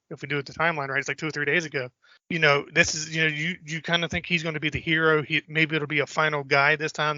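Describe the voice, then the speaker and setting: A man co-hosting a podcast in casual chat, animated and acting out film lines. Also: no room sound. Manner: animated, acts out movie lines in a high voice. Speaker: podcast co-host. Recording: dull lo-fi podcast audio.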